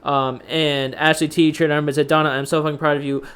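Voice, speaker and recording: A man's voice: on the high side, flat delivery, fairly quick, a bit bright, clear, resonant tone. A man hosting a live stream, reading out viewer cheers casually with many fillers. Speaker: host.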